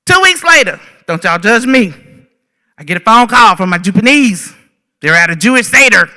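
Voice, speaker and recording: A woman artist giving a public talk, telling stories to a live audience in an animated, humorous way and speaking straight to the crowd. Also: mid-range voice, moderate pace, long reverb tail. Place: event space with audience.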